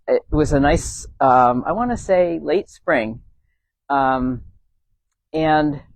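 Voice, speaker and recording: A man with a slightly raised voice tells a long story on an outdoor tour of a hilltop, full of ums and little laughs. His rambling, casual delivery sounds close and dry, with no echo around it. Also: fairly high pitch. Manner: rambling with many fillers and chuckles. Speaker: animal sanctuary founder.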